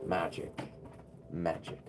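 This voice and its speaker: A man chatting casually on a live stream as a musician, laid-back and rambling with slangy asides. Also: slow pace. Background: keyboard music he plays.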